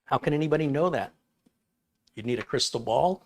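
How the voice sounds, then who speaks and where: Man, tech livestream host, folksy and chatty, mid-pitched, chuckles as he talks. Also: expressive, a little fast. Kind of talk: live Q&A with viewers.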